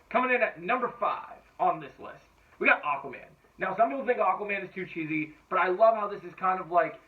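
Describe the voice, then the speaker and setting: Man, casual movie-ranking vlog, enthusiastic and rambling, tinny lo-fi sound, distant mic. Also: high-pitched. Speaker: movie reviewer.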